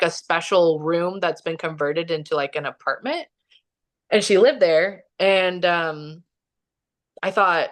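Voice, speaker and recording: A woman's voice: on the low side, fairly bright tone. Rambling woman telling a story. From Kansas City, Missouri. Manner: rambling, filler-heavy, acts out quoted dialogue. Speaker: podcast guest. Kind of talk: casual storytelling.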